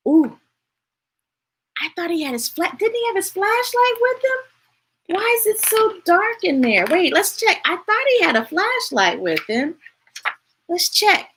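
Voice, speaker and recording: A woman reading picture books aloud to children in a playful, expressive way, asking her listeners questions. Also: very high voice, unhurried, pauses often. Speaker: storytime reader.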